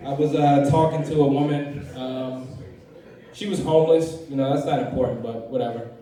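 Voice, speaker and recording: A man's voice: medium pitch, steady tone, normal speed, warm tone, far from the mic. A young man from Washington, D.C. doing his first stand-up set, rambling and profane, with lots of fillers and restarts. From Southeast Washington, D.C. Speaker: first-time stand-up comedian. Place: comedy club stage, open mic. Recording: very echoey room, voice from afar.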